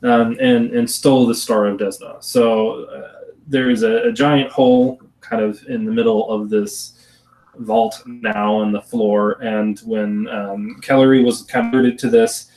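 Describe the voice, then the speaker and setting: A man's voice: medium pitch, flat delivery, measured pace, a little mellow, far from the mic. A man narrating a tabletop game as game master, hesitant and full of restarts, recording from a room at home. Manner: hesitant, many fillers and restarts.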